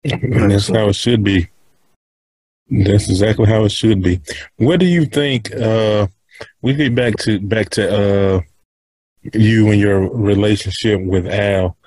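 A man's voice: lowish voice, measured pace, a little mellow, breathy edge, dry recording, poor audio. Rambling casual male podcast host. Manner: rambling, restarts questions often. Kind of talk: casual interview chat.

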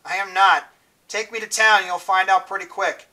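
A dazed teenage boy, worried but acting tough, answers in a high, bright voice from a storybook scene, as a man reading aloud puts him on. He is recorded from some way off the mic. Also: steady tone, moderate pace, recorded from a distance.

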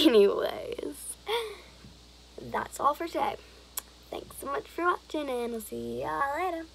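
Young woman vlogger with a slightly high, vocal-fry voice, rambles and giggles. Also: animated, slow, a bit bright, slight background noise, rough recording. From Alberta, Canada. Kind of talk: rambling casual vlog chat.

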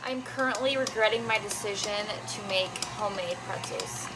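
A young woman talking casually while cooking at home, animated and swearing freely as she asks her viewers "okay?" all the time. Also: mid-range voice, moderate pace, very noisy. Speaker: cooking vlogger. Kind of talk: casual chatty cooking vlog.

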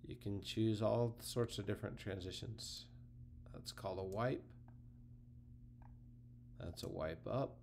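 Gravelly low-voiced man explaining software. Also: slow pace, long pauses, slight background noise. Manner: relaxed, thinking aloud while clicking through the screen. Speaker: tutorial host. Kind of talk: casual screen-recorded software tutorial.

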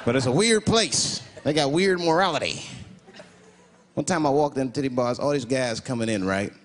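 A man performing a stand-up comedy set on a club stage, telling stories in an animated way and shouting his punchlines. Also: medium pitch, moderate pace. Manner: animated storytelling with shouted punchlines and put-on voices. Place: comedy club stage before a live audience. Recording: loud laughing crowd and heavy room noise.

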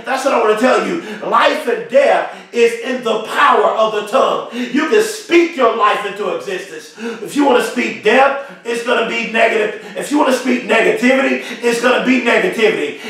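Man, motivational speaker, very high voice, punchy repetitive delivery, heard from far off in a booming echo. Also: creaky, fairly bright tone. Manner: emphatic, repetitive, preacher-like delivery. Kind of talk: motivational speech. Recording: very echoey, from far off the mic.

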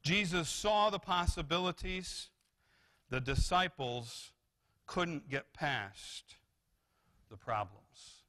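A male pastor preaching in a church, his voice bright and somewhat higher than most men's. He swings between low, quiet explanation and sudden loud, high exclamations, often restarting his phrases. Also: slow, long pauses. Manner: animated preaching with rises and repeated restarts. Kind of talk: sermon. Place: church sanctuary.

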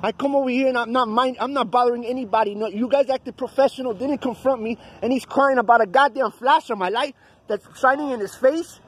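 A man's voice: very high-pitched, fairly quick, husky. A man livestreaming outdoors at night on his phone, arguing with a deputy in a profane, repetitive way. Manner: argumentative, profane, repeats himself. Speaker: cop-watching livestreamer. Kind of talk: confrontational livestream filming. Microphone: phone he films with.

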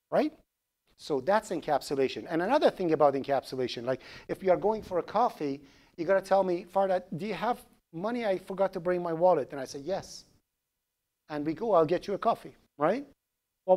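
Animated lecturer joking with his class. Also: fairly high pitch. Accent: Persian. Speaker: programming instructor.

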